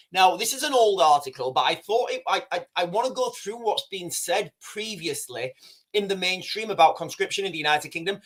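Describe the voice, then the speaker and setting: A man's voice: high-pitched, a bit bright. A man hosting a casual livestream, rambling, repeating himself and talking straight to his chat. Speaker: livestream host.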